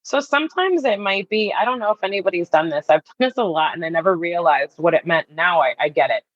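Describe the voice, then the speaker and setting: A woman wellness coach, a guest in a casual podcast conversation, talking in an animated way, swearing freely and acting out the voices in her head. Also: lowish voice, quick pace, dry recording, muffled recording.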